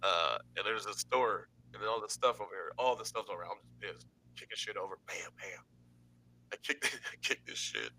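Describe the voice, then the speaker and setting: A man telling a long personal story in casual chat, animated and acting out the quotes with laughs. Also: lowish voice, fairly quick, vocal fry, slight background noise.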